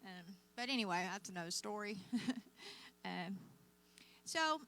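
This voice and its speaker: Older woman, Southern twang, folksy church talk, bright ringing voice, mid pitch. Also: animated, a little slow, a little hiss or hum. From Oklahoma, USA. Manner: warm folksy storytelling, frequent laughs and fillers. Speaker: guest speaker. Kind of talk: testimony talk to a church audience.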